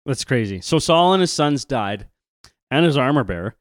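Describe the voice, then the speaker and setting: A man's voice: medium pitch, lively intonation, normal speed, dry recording, clean studio sound. A man with a Canadian accent, co-hosting a casual chat that retells a Bible story, playful and teasing. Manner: playful, teasing, laughs often. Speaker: podcast co-host.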